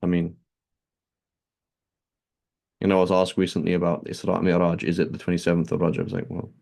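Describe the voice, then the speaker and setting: A man's voice: low voice, monotone, fairly quick, creaky, a little mellow. A man teaching a conversational religious lesson, explaining points and often checking in with a rhetorical "right?", with Arabic terms mixed into his English. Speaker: Islamic teacher.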